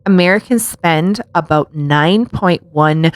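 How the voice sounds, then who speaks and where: A woman's voice: lowish voice, expressive, measured pace, dry recording. A woman co-hosting a casual podcast, joking and laughing often and swearing freely. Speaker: podcast co-host.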